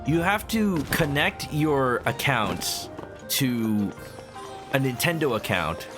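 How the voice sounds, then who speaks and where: A man's voice: medium pitch, lively intonation, slow. A man streaming a video game, rambling casually to his chat and humming along as he plays. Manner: rambling, talks to chat while playing, hums. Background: video game music.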